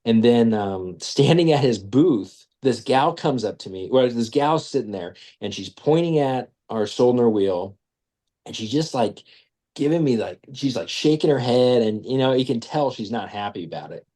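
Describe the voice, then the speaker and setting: A man's voice: medium pitch, expressive, moderate pace, dark tone. A male podcast guest and business owner telling a casual story, acting out the voices he quotes, with many restarts.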